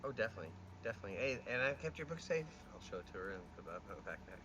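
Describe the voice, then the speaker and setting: A man's voice: on the low side, animated, racing, dull audio. A man playing in a tabletop game, eager and stumbling over his words, with background noise in the recording. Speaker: player. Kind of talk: casual tabletop play.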